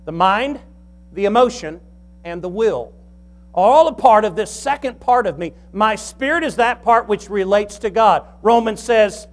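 A man preaching a sermon as pastor, folksy and joking, quizzing the congregation and slowing down to stress key lines. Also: high voice, expressive.

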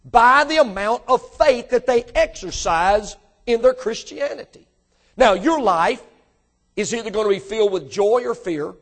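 High-voiced man preaching emphatically. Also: measured pace. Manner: emphatic preaching, rising to high animated bursts; addresses congregation directly with questions. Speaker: pastor. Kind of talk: sermon.

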